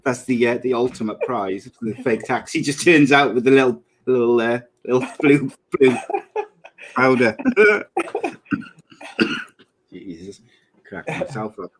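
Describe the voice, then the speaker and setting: A man's voice: medium pitch, measured pace, pauses often, slight background noise. A man in his thirties co-hosting a casual podcast chat, joking and often laughing at his own gags. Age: 30s. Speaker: podcast co-host.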